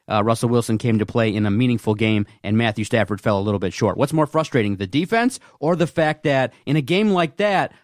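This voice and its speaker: A man co-hosting a sports podcast, posing long, steady questions in casual talk. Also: mid-range voice, dry recording, studio quality.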